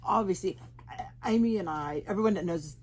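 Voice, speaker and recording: A woman from Oklahoma with an Oklahoma accent and slowed, halting speech after a stroke, chatting and laughing as she tells her story in an interview. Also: mid-range voice, darkish tone, slight background noise. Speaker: interview guest. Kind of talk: personal testimony.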